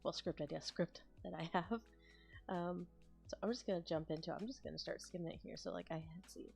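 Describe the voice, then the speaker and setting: A woman's voice: fairly low pitch, brisk, creaky, soft background music. A woman chatting casually on a stream as an ASMR creator, thinking aloud and rambling. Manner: rambling, thinks aloud with restarts and soft laughs. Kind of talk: casual live-stream chat.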